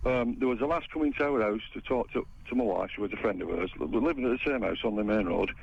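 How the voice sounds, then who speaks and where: A man's voice: on the low side, fast talker, creaky, breathy edge. An older man, calling in to a radio show and telling a long, rambling story. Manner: rambling, animated retelling. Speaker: caller. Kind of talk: phone-in storytelling. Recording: muffled lo-fi phone line.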